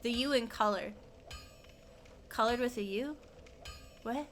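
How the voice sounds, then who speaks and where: Bright, high-pitched chatty woman gamer. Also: unhurried. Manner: rambling, giggly, talks to chat while playing. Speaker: streamer. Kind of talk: casual gaming stream chat.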